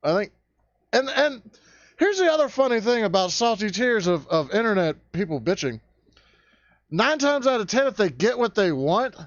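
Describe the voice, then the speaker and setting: Man, high voice, gravelly fry, crude sarcastic rant, dry lo-fi sound. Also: lively intonation, moderate pace, a bit bright, dry recording. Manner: crude, sarcastic, fired-up ranting. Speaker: vlog host ranting. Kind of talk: profane rant vlog. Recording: dull, lo-fi dry recording.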